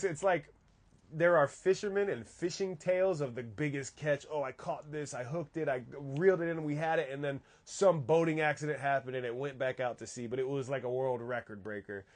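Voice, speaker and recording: A man hosting a live golf talk stream, chatting casually and answering viewers' questions. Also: medium pitch. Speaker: golf coach host.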